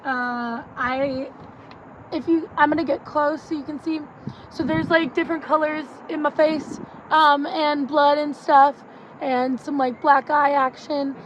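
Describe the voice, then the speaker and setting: A chatty young woman co-hosting a podcast, her voice sitting high. She talks loosely and laughs often. The outdoor recording is dull and lo-fi, with clear street and traffic noise behind her. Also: level tone, measured pace. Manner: chatty, laughs easily, Southern "y'all". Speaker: podcast co-host. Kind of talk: casual chat.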